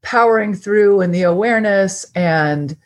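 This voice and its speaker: A woman's voice: mid-range voice, a little slow. Enthusiastic woman podcast host. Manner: engaged, questioning, enthusiastic. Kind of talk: casual interview chat.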